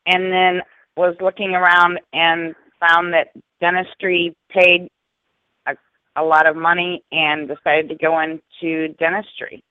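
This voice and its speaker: Chill guy running the calls, bit high voice, phone-line sound. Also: little pitch movement, measured pace, smooth, no echo. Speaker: show producer and co-host. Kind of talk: casual radio chat. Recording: tinny phone-line audio.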